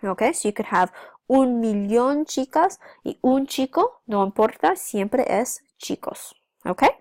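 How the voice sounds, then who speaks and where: In a recorded classroom lesson, a Spanish teacher switches between English and Spanish, explaining step by step and often checking in with "okay?". Her slightly high, slightly mellow voice has lively intonation and a measured pace, in a dry, studio-quality recording.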